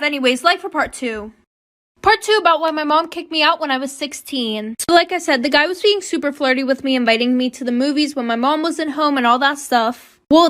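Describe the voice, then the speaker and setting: Young woman w a pretty high voice, blunt slangy storytime chat, swears a bit. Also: fairly bright tone. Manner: chatty, slangy, blunt with cursing. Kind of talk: casual storytime monologue.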